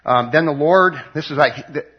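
A man's voice: on the high side, normal speed, slightly rough. A man teaching a Bible passage in a loose, conversational way, reading verses aloud and retelling them with many fillers and restarts. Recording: dull lo-fi recording.

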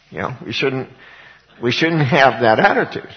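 A man's voice: mid-range voice, lively intonation, moderate pace, husky, lo-fi sound. A man preaching a sermon, reading scripture aloud and explaining it in a conversational way, with frequent fillers and repeated words, rising to emphatic passages.

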